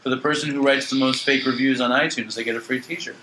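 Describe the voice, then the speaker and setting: A man co-hosting a casual comedy podcast, teasing his partner with animated mock outrage. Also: mid-range voice, quick pace, a little hiss or hum, poor audio. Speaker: podcast co-host.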